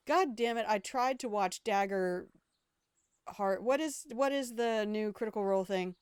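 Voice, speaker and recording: A woman's voice: medium pitch, unhurried, smooth, no echo, studio quality. An older woman chatting casually while streaming a game, blunt and opinionated, swearing freely and rambling from one aside to the next. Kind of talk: casual gameplay commentary.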